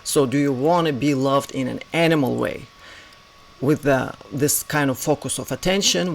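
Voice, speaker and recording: A man giving a spiritual teaching as a reflective monologue, posing rhetorical questions and dropping into soft asides. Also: mid-range voice, gravelly, rough recording.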